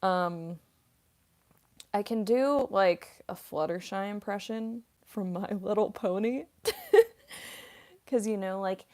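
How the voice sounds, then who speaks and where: A woman's voice: mid-range voice, sing-song, slow, pauses often, darkish tone. A young woman streamer and voice actress answering chat questions casually, rambling with lots of fillers and giggles.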